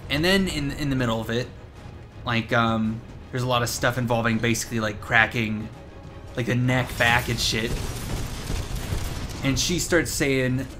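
A man's voice: mid-range voice, fairly even intonation, a little slow, long pauses. A young man telling a story in casual, rambling gameplay commentary, swearing and laughing a lot. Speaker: gaming commentator. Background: game sounds and music.

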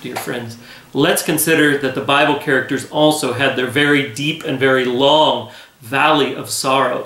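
A man's voice: a little high, fairly bright tone, echoey room. A man who is a pastor, giving a conversational, earnest Bible reading talk with many fillers. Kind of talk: Bible study devotional talk.

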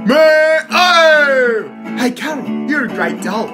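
Woman as a bouncy kids' host, high and sing-song, music behind. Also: very animated, measured pace. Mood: playful. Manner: bright, exaggerated kids' show delivery. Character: chirpy kids' show presenter. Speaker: children's show presenter. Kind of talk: kids' show parody dialogue. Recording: voice over loud backing music.

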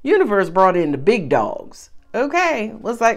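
A woman reads tarot cards in a casual, chatty way. She sounds lively and playful, and she talks straight to her viewers. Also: medium pitch, measured pace. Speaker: tarot reader.

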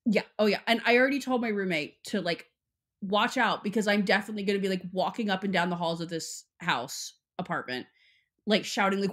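A woman's voice: medium pitch, brisk, fairly bright tone. A young woman from Texas co-hosting a podcast, chatting casually and rambling with lots of "like". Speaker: podcast co-host. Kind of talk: casual chat.

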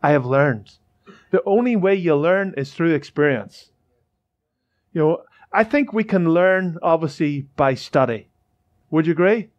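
A man's voice: on the high side, expressive, a little slow, darkish tone, lo-fi sound. A male pastor preaching a sermon in church, fervent and repetitive, with many restarts.

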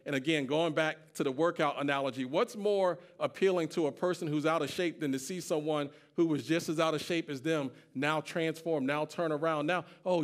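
A man in his thirties preaching a sermon as pastor, emphatic and conversational as he tells stories. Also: on the high side. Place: church.

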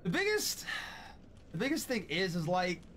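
Teary young man streamer, swearing warmly. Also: high voice, huge pitch swings, moderate pace, a little hiss or hum. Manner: tearful, grateful, swears a lot. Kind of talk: emotional live-stream chat. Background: game music.

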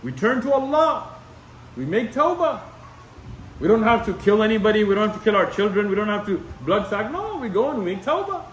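A man delivers a conversational Islamic lecture, repeating his points and dropping in Arabic terms. His voice sits very high and swings widely in pitch. He sounds set back from the mic in an echoey room with faint background noise. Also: big pitch swings, brisk, fairly bright tone. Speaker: imam lecturer.

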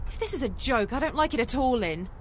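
Actress doing a nervous horror game girl, high voice, lots of noise behind. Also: lively intonation, fast talker, close to an everyday voice. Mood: uneasy. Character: uneasy young woman in a horror game.

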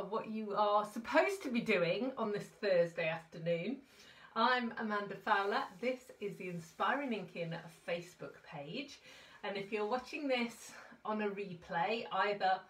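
A woman's voice: mid-range voice, fairly bright tone, far from the mic. A woman from the UK hosting a casual craft live stream, out of breath and chatty, greeting viewers by name.

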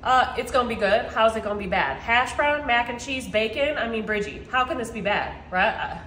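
A chatty woman with a high, bright voice talks her viewers through a recipe in her home kitchen, joking at her own expense. The room gives her voice a noticeable echo, with a light hum of ambience underneath. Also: fairly quick. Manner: chatty, playful, self-mocking, keeps saying y'all. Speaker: cooking vlog host. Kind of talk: casual cooking chat to viewers.

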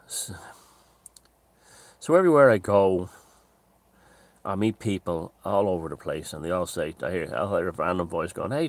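A man hosting his own channel, talking in a casual unscripted monologue, discursive and opinionated, circling back to restate his points. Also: low-pitched.

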